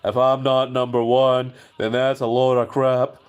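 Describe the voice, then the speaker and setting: A man's voice: mid-range voice, completely flat delivery, clear, resonant tone, lightly acted. A man doing a drawling tough-guy wrestler. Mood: swaggering. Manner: slow, loud drawl. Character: gruff tough-talking male wrestler, swaggering.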